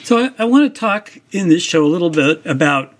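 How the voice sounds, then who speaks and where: Male host interviewer, thoughtful questions, exploratory, fairly high voice. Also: sing-song, a little fast.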